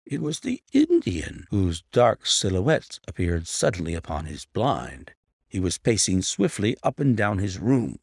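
A man narrating an audiobook in a measured storytelling manner, his voice dropping at clause ends. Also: on the low side, wildly swooping pitch, gravelly, slightly rough. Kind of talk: scripted narration.

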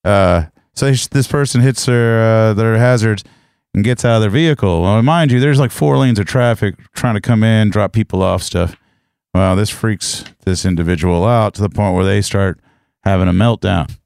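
A man's voice: fairly low pitch, moderate pace, gravelly, a little mellow, smooth, no echo, studio quality. A man co-hosting a podcast, telling a meandering story and searching for words in casual chat. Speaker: podcast co-host.

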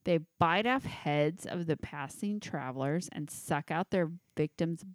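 A woman's voice: low voice, measured pace, no echo, studio quality. A woman hosting a podcast, tipsy with hiccups, giggling and swearing as she reads out creepy legends. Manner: giggly, swearing, stumbling over names. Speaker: podcast host. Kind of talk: casual chat, reading a list of creepy legends.

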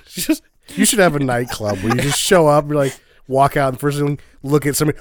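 A man's voice: on the high side, animated, moderate pace, no room sound. A man co-hosting a casual podcast, joking crudely and laughing often. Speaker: podcast co-host. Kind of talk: casual movie recap chat.

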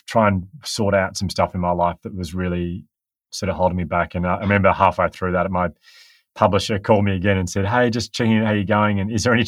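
A man's voice: deep voice, no echo. A middle-aged man telling his story candidly as an author guest on a podcast interview.

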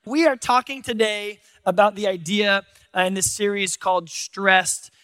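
A man's voice: high voice, steady tone, moderate pace, pushed and bright, clean tone, no room sound. A man from San Diego preaching a sermon in a church, telling stories with joking, self-deprecating humor. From San Diego, USA. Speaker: pastor. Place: church stage.

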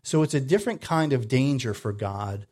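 A man giving a sermon in a conversational way, often checking in with "right?", moving between loud emphatic lines and quiet low asides. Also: lively intonation, moderate pace. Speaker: preacher.

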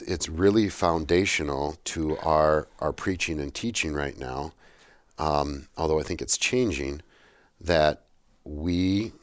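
A man with an extremely deep, low voice talks about preaching in a relaxed discussion. He is emphatic and halting, often restarting his sentences. The sound is dry and close. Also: no room sound. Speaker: pastor and teacher of worship classes. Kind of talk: casual theological discussion.

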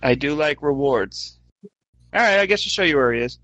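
A man's voice: on the high side, expressive, fairly quick, a bit bright, dry recording. A man playing a tabletop game in character, hesitant and stammering in a sheepish way. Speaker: player.

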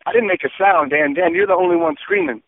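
A man's voice: high-pitched, huge pitch swings, quick pace, gravelly. A man co-hosting a comedy radio bit, talking over the phone with indignant, defiant swearing. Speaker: radio show co-host on a phone line. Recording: dry, tinny phone line.

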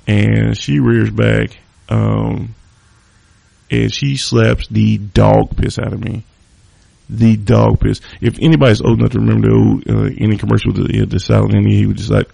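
Gravelly low-voiced man telling a story. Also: darkish tone, no room sound. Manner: loose and profane, heavy on fillers. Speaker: podcast host. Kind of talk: casual storytelling monologue. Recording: dry close studio sound.

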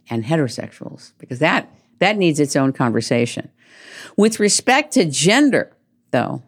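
An older woman hosting her own show, delivering an emphatic, rambling monologue and dropping her voice low for asides. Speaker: host. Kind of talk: opinionated monologue.

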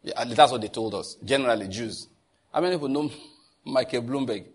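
Husky preacher man teaching a class. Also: mid-range voice, a little fast. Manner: animated, laughs often, asks the audience questions. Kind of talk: sermon teaching.

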